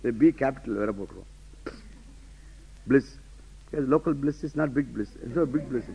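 A man's voice: mid-range voice, moderate pace, creaky, slightly rough. A man teaching a lecture class, emphatic, often asking rhetorical questions and laughing to himself. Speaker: Vedanta teacher. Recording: dull lo-fi lecture recording.

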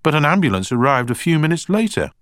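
A man voicing a defiant, emotional young woman witness in court, raising his voice high to protest and insist. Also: very animated, quick pace, a bit bright, dry recording, clean studio sound. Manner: raised falsetto, insistent protests. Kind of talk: audiobook character voice.

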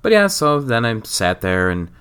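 A man's voice: mid-range voice, sing-song, moderate pace, fairly bright tone, smooth. A man hosting his own podcast, ranting sarcastically and profanely in a rambling casual monologue. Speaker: podcast host. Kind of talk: casual solo rant.

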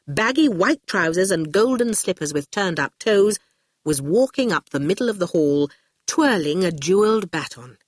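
An audiobook narrator reading scripted narration expressively and dropping low for speech tags. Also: no room sound, studio quality.

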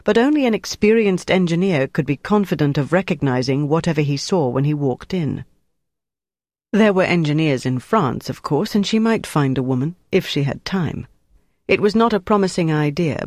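Steady, dry audiobook narrator. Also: mid-range voice, no room sound. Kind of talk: scripted narration.

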